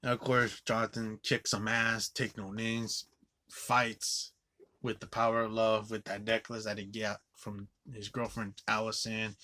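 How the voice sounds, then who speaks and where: Rambling, bright-voiced man recapping a movie. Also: on the low side. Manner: rambling, loose, swears often. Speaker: movie reviewer.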